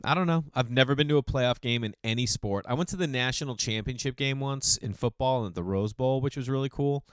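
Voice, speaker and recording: Rambling man from Boston, smooth dry voice. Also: brisk, no room sound. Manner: rambling, animated, swings between loud acted-out voices and low mumbled asides; swears casually, calls listeners dude. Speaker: podcast host and comedian. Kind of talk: casual comedic monologue.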